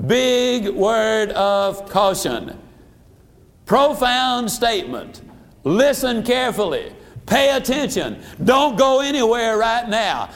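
A middle-aged man giving a motivational sales training talk, emphatic and preacherly, slowing down to stress key points. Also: sits high.

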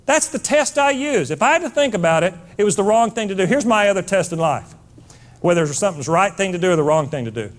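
Man, middle-aged, motivational speaker, preachy, lively swooping pitch, fairly high voice. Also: fast. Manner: emphatic, preachy, rising to near-shouts. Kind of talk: live motivational talk.

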